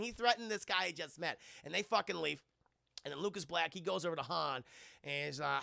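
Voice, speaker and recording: A young man streaming a casual, profane scene-by-scene movie recap, acting out characters in quick quoted bits and thanking his chat. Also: a little high, vocal fry, bright, forceful tone, dry recording, clean studio sound. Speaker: movie reviewer streaming live.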